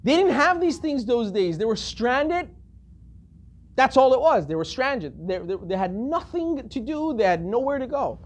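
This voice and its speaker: A male rabbi giving a storytelling lecture, animated and acting out the characters as he goes. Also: extremely high pitch, normal speed.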